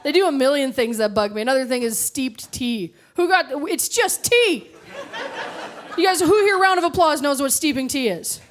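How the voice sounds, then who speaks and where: A woman from Canada performing a stand-up comedy set on stage, with animated, mock-indignant storytelling. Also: high voice, brisk, hardly any pauses. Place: comedy club stage with audience laughter.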